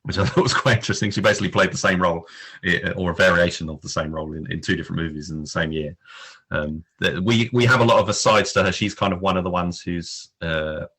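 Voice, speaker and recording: A man with a very low voice chats about films on a podcast. The tone is bright but husky, and he pauses often on "uh" and "um" as he works through what he wants to say. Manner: hesitant, many fillers, recalls cast trivia. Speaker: podcast co-host. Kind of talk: casual film review chat.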